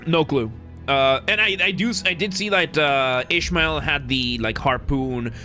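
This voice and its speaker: A man's voice: fairly high pitch, measured pace, pushed and bright, faint music behind. A man streaming a game, chatting casually and joking with chat in a rambling, self-correcting way. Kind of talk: casual live-stream commentary.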